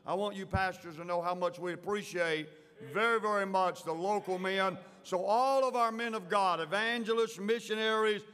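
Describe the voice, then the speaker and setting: A man's voice: high-pitched, normal speed, hardly any pauses, a bit bright, smooth. A man with a Southern US accent, a pastor leading a church service and giving folksy announcements. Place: large church sanctuary. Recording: long church hall reverb.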